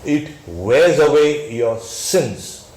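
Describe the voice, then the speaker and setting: A man's voice: medium pitch, very animated, extremely slow, a little mellow. A man teaching a scripture class as a swami, talking in a conversational and emphatic way, with frequent exclamations. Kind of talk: scripture lecture. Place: temple hall. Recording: echoey hall recording with faint noise.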